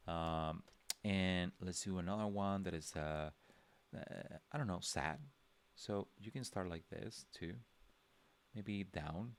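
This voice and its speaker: A man's voice: low voice, vocal fry. A man giving a casual livestream drawing lesson, thinking aloud with many fillers and restarts as he sketches. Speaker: drawing instructor.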